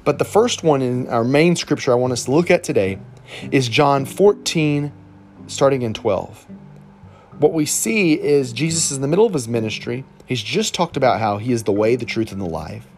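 A man with a Southern Alabama accent, the lead pastor, preaching a conversational sermon with animated, slang-filled examples. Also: mid-range voice, normal speed, slight background noise.

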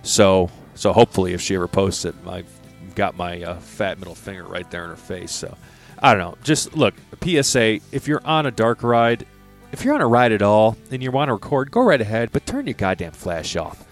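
A young man with a low voice tells a story on a casual podcast. He is exasperated and profane as he rants about other people on a ride. Faint music plays underneath. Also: expressive, a little fast. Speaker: podcast co-host.

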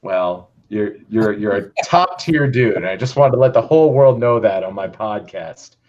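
A young man who teaches, hosting a casual podcast and telling a story with animated, playful reenactments of his own thoughts. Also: fairly low pitch, normal speed. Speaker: podcast host. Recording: slightly dull lo-fi sound.

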